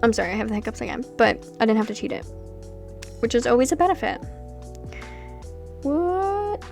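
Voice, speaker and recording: Chatty young woman over soft music. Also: on the high side, normal speed, vocal fry. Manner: chatty, rambling, animated asides. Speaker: Sims gameplay creator. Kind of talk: casual voice-over chat over gameplay.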